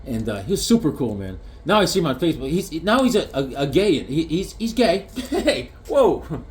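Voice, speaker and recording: A man chats through his comic collection, swinging between rambling anecdotes and deadpan punchlines. His voice sits a bit higher than most men's and moves around a lot, giving his show-and-tell a lively, animated feel. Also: normal speed. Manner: rambling joke-telling storyteller, punchlines. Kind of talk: casual show-and-tell with jokes.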